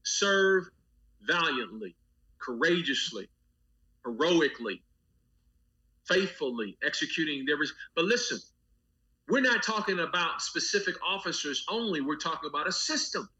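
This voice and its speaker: With long pauses and a moderate pace, a pastor gives impassioned answers as an interview guest. His slightly high voice is animated, bright and forceful, shaped by a preacher's rhythmic cadence of repeated phrases and long lists. The audio is dull.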